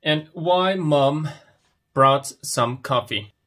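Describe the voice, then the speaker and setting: A man teaching English, reading a picture story aloud and explaining it slowly, asking questions and then answering them himself. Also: a little high, sharp tone.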